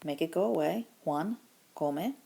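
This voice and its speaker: A patient woman walks through a grammar lesson one step at a time, slowing down to model each example. Her voice sits fairly low and has a mellow, warm tone. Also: animated, creaky. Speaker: Spanish teacher.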